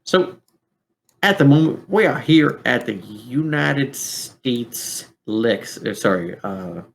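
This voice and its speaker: A man voicing a chatty male robot officer who hands out gear and a mission, talking in a halting way with many ums. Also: mid-range voice, lively intonation, vocal fry, slight background noise. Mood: briefing. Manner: rambling, halting, full of ums.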